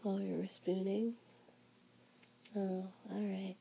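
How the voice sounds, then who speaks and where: A woman in a whispered role-play, talking in a sleepy, intimate murmur with soft breathy whispers and hums. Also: medium pitch, fairly even intonation, very slow, dull audio, a little hiss or hum. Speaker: audio role-play performer.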